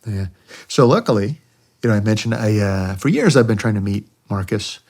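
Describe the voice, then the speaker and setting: Low-voiced middle-aged man telling war stories. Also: animated, normal speed, darkish tone. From United States. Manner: conversational, acts out quoted voices, frequent "you know". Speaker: guest, retired army helicopter pilot. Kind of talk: candid war storytelling. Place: podcast studio.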